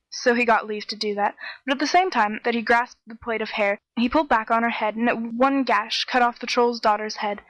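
A woman narrating a fairy tale in a steady, measured storytelling voice. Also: a little high, dry recording, rough recording. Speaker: audiobook narrator.

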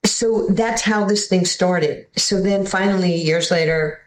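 A woman's voice: on the low side, measured pace. A woman, telling stories casually as a guest and acting out the voices of the people she quotes. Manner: animated, acts out voices in quotes. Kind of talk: casual storytelling. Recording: echoey room.

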